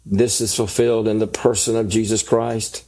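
A man's voice: fairly low pitch, flat delivery, normal speed, mellow. A man preaching a sermon, reading scripture and building emphatic lists. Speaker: pastor.

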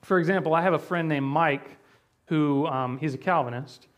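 Man, pastor type, slightly high voice, chatty explanatory Bible teaching, lots of um and restarts. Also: moderate pace. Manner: conversational, explaining with frequent fillers and restarts.

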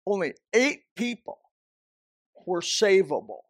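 A man's voice: high voice, sing-song, slow, dry recording, studio quality. A man preaching a sermon as a pastor, emphatic and repetitive, often restarting his sentences.

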